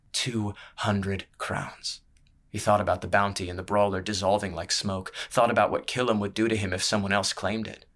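A man reading a fantasy story aloud as narrator, in a measured, even storytelling delivery. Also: on the low side. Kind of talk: scripted audiobook narration.

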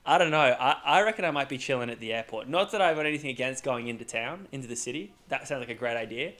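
A man co-hosting a casual podcast, teasing and chiming in with quick reactions. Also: mid-range voice, fairly bright tone. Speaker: podcast co-host. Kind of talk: casual chat.

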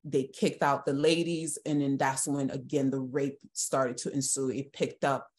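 A woman with a notably low voice speaks as a podcast guest giving personal testimony. Her delivery is halting and emotional, and she often restarts her sentences. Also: flat delivery. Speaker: guest sharing her story.

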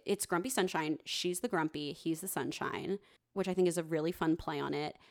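A woman's voice: sits low, normal speed. A young woman co-hosting a casual book podcast, chatting animatedly and swearing freely. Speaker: podcast co-host. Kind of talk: casual chat.

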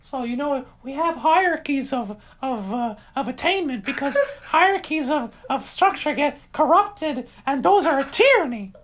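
A man's voice: extremely high pitch, expressive, moderate pace, few pauses, a bit bright, slight background noise, pitched above the performer's own voice. A man doing a comic impression of a pompous, lecturing middle-aged male professor who rambles on.

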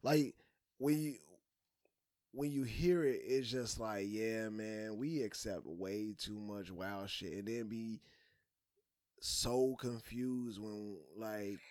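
A man's voice: lowish voice, steady tone, slow, darkish tone, no echo, clean studio sound. A young man co-hosting a podcast in casual, profane chat, laughing often and trailing off with "you know what I'm saying". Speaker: podcast co-host.

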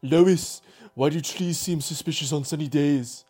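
Man attempting a snooty scheming cartoon baby, pitched up a bit, shaky take. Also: warm tone, breathy edge. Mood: smug. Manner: halting, unsure impression. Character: scheming talking baby boy, posh.

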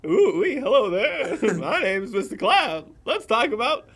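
A man voicing a giddy, high-pitched, childish male cloud in a sing-song way. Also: big pitch swings, a little slow, a bit bright, heavily acted.

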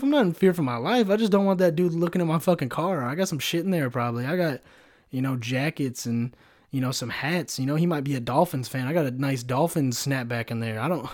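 A man hosting a casual solo podcast, telling a story in an animated way, with lots of swearing and fillers. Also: mid-range voice. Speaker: podcast host.

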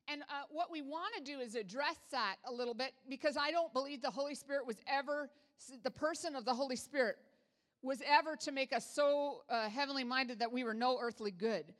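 Woman pastor, high bright voice, chatty sermon, church hall reverb. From Canada. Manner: chatty and humorous, with asides to the congregation. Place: church sanctuary.

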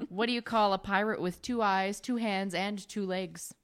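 A woman's voice: mid-range voice, fairly even intonation, a little slow, smooth. A woman co-hosting a comedy podcast, chatting playfully and laughing often. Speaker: podcast co-host. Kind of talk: casual comedy chat.

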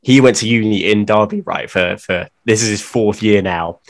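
A young man with a fairly low voice trades casual podcast banter. His humour is dry and wry, punctuated by quick laughs. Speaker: podcast co-host.

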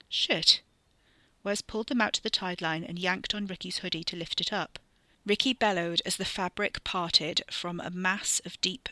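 A woman narrating her own dark fiction podcast in a measured, even reading. Her voice is slightly low yet bright and forward. It is recorded close and dry, with no room sound. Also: no echo. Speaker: podcast storyteller.

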